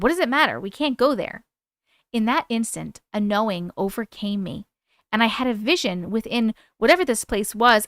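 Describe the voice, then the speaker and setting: A woman with a fairly high voice hosts a live stream, reading viewers' strange stories aloud. She breaks in with playful asides and chatty comments between passages. The sound is dry and close. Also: a bit bright, no echo.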